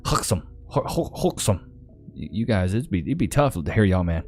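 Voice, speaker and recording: Low-voiced man hosting a loose live stream. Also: big pitch swings, fairly quick, darkish tone, faint music behind. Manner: loose, slangy, reads chat names aloud. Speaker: livestream host. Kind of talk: casual live-stream chat. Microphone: desk microphone.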